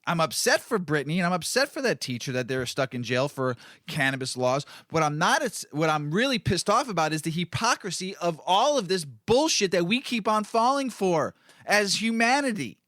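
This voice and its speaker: A man's voice: sits high, very animated, normal speed, fairly bright tone, dry recording, studio quality. A man hosting a casual podcast, ranting in a fired-up way and swearing freely. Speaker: podcast host.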